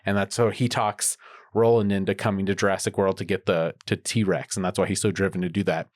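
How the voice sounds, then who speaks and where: A man's voice: low-pitched, flat delivery, fairly quick, no room sound, studio quality. A man co-hosting a podcast in casual chat, rambling with lots of fillers and restarts. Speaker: podcast co-host.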